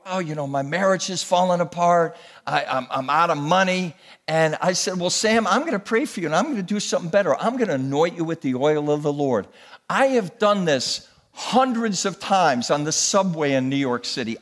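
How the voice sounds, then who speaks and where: A pastor in his sixties preaching a sermon, telling stories in an animated way and rising into exhortation. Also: high-pitched.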